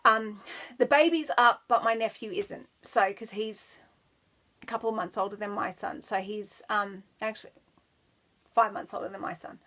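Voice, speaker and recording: A woman's voice: mid-range voice, moderate pace, fairly bright tone. An Australian woman chatting casually to camera as a knitting podcaster, rambling and giggling as she goes. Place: child's bedroom at home.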